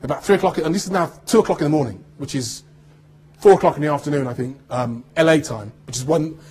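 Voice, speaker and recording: Man, animated storyteller acting out quotes, higher-pitched and husky, speaking to students. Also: fast talker. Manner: animated, acts out quoted dialogue. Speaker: actor giving a talk to students. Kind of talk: anecdotal storytelling speech.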